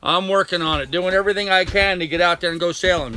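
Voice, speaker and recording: Older guy live streaming from home on his laptop, bit high-pitched and smooth, says hi to everyone in chat. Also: fast, hardly any pauses, pushed and bright. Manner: greets viewers one by one by name. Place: at home with a dog nearby.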